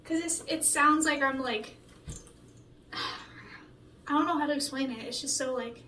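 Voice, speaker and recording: A young woman, a singer-songwriter, chatting excitedly and rambling with lots of filler words during a vocal recording session vlog. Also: high voice, a little slow, slight background noise. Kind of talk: behind-the-scenes vlog commentary. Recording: echoey room heard from a distance.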